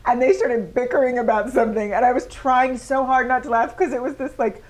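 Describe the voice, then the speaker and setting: A woman's voice: fairly high pitch, a little fast. Teasing female podcast co-host. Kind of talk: casual chat.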